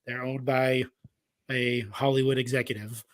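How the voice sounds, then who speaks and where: A man's voice: medium pitch, flat delivery, normal speed. A man co-hosting a casual wrestling podcast, rambling with many fillers like "you know" and "uh". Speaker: podcast co-host. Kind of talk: casual chat.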